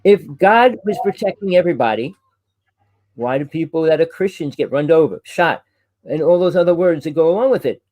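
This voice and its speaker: Loud fast-talking New Jersey man. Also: on the high side, lively intonation, no room sound. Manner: loud, fast and rambling with restarts. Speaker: host. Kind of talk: casual chat.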